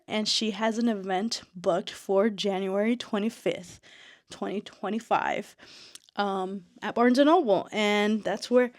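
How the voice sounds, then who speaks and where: Young woman, casual vlogger, excitable storyteller, a bit breathless, medium pitch, close dry mic. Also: dry recording. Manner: chatty, excitable, many fillers and restarts. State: slightly out of breath. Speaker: author and vlogger.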